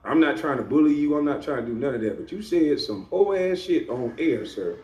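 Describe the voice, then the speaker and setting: In an echoey room, off-mic with faint ambience, a middle-aged vlogger delivers a sweary, taunting rant to camera and chuckles at his own digs. His voice sits a little high, brisk and a little mellow, with lively intonation.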